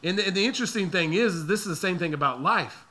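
A male pastor in his thirties preaching to his church, with a very bright, ringing voice that sits slightly high. He tells stories with animation and acts out the voices of the people in them. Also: lively intonation, fast talker. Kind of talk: storytelling sermon.

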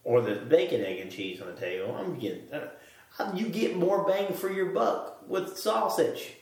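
A man's voice: a little high, lively intonation, moderate pace, vocal fry. Southern man on a roomy podcast mic. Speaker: podcast co-host. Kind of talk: casual chat. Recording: roomy echo.

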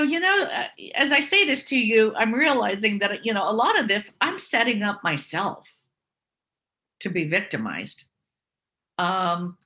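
A woman's voice: on the high side, sharp tone. A woman candidly telling personal stories and reflecting on them as she goes. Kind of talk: personal storytelling.

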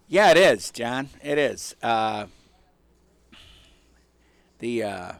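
A man hosting a radio talk show, telling a story in a lively, conversational way. He chuckles and slips into the voices of the people he describes. His voice sits at an ordinary pitch, and the close studio mic gives it a dry sound. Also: extremely slow, vocal fry, no room sound.

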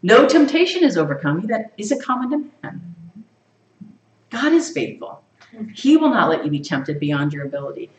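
A woman teaching a Bible study to a group, lively, quizzing her listeners and laughing often. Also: medium pitch, moderate pace, lo-fi sound. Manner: animated, asks the group questions and laughs often. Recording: echoey room, far from the mic.

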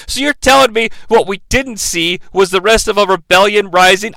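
A man's voice: high-pitched, moderate pace, creaky, hardly any pauses, bright, forceful tone, no room sound. A man hosting a comedic bad-movie podcast, ranting in a profane, sarcastic way. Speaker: podcast host.

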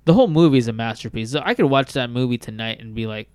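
A man's voice: mid-range voice, lively intonation, quick pace, a little mellow, clean tone, no echo. A man co-hosting a casual podcast chat, talking enthusiastically and rambling with lots of "like". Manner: enthusiastic, rambling, heavy use of "like". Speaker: podcast co-host.

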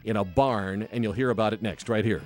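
A man hosting a casual radio talk show, bantering with co-hosts in a lively, playful way from a studio microphone. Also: lowish voice, fairly quick, faint music behind. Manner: lively, animated delivery with playful asides. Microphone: close studio microphone.

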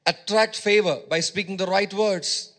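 A man's voice: high voice, fairly even intonation, measured pace, a bit bright. A male preacher giving a sermon, emphatic, repeating phrases and urging his congregation on.

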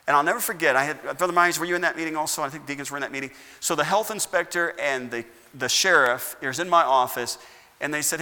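Talking fast in a slightly high voice, he sounds bright and forceful. A pastor from the United States, he preaches in a church sanctuary, firing rhetorical questions and swelling into emphatic bursts. Long church hall reverb colors the audio.

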